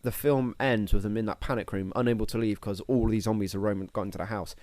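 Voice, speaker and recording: Fast-talking low-voiced man. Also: steady tone, darkish tone, dry recording. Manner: rambling, jokey, thinks aloud with fillers. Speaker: podcast co-host. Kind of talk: casual podcast chat.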